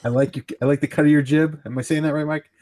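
A man's voice: on the high side, fairly even intonation, fast, darkish tone, slight background noise. A man hosting a casual comedy podcast, playful and mock-formal, often stumbling and restarting his sentences. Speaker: podcast host.

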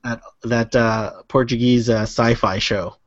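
A man's voice: mid-range voice, steady tone, unhurried, crowd noise. A man hosting a casual podcast chat, teasing and giggling as he prompts a guest. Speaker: podcast host. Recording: dry dull lo-fi sound.

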